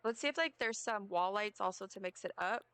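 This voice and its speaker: Streaming a game, a young woman talks casually and rambles, poking fun at herself along the way. She speaks fairly quickly in a medium-pitched, slightly bright, clear and resonant voice with no room sound.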